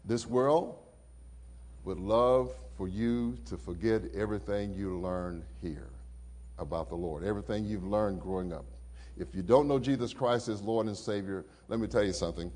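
Emotive male pastor telling a story. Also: moderate pace. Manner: emotive storytelling, rising high and loud then dropping low and soft. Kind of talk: sermon with personal stories.

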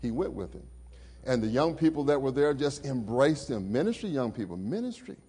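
A middle-aged male pastor preaching a sermon. He tells personal stories emotively, rising high and loud, then dropping low and soft. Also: very animated, a little fast, breathy edge.

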